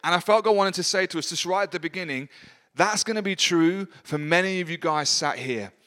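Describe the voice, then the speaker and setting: Man, preacher, sermon at a church service, earnest, encouraging, somewhat high voice. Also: a little fast, pushed and bright.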